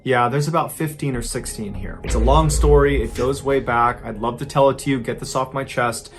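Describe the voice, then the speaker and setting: A man voicing a calm, detached male killer quoted in a true-crime story. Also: medium pitch, brisk, soft background music, close to an everyday voice. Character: calm, flat-voiced male killer confessing.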